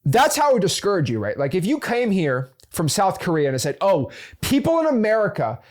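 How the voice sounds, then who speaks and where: A man talking straight to camera about business in a casual motivational style, his pitch swinging widely as he makes his points. He plays devil's advocate, leans on fillers like "right?" and restarts his sentences mid-thought. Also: sing-song, brisk. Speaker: host of a real estate investing channel.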